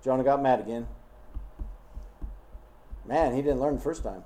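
A man's voice: mid-range voice, moderate pace, long pauses, dark tone. A man preaching a sermon in an emphatic, scolding way, full of rhetorical questions.

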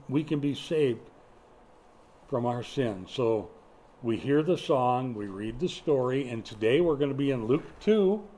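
A man's voice: medium pitch, warm tone. An older man, a pastor, preaching a sermon in a folksy storytelling way, acting out quotes from everyday life.

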